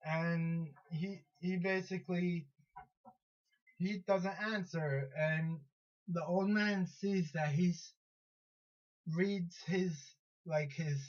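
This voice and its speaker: A high-voiced man retells a superhero story at an unhurried pace, stumbling over restarts and fillers as he goes. The recording sounds dull and lo-fi. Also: fairly even intonation. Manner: rambling, halting, many restarts and fillers. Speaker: vlogger counting down superheroes.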